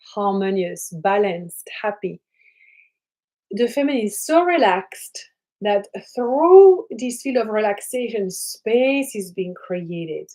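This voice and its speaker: A woman's voice: a little high, darkish tone, rough recording. A middle-aged woman speaking as a spiritual teacher in an earnest, emphatic teaching monologue, sometimes acting out what people say. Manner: earnest, emphatic, acts out quoted speech.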